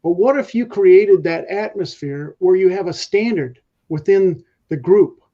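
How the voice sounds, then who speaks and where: A man's voice: high voice, a little slow, dull audio. A man guest on a podcast, telling leadership stories in a rambling way with many fillers. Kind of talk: casual podcast talk.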